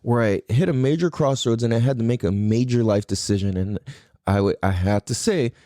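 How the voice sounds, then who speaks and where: Man, podcast host, casual solo monologue, warm low-key voice, profane, filler-heavy. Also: a little fast, no room sound, studio quality. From California. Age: adult parent. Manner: rambling, heavy swearing, frequent fillers.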